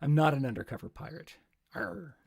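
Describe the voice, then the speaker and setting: A man's voice: a little high, big pitch swings, fairly quick, creaky. A man hosting a livestream, rambling and joking with self-mocking asides between songs. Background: acoustic guitar.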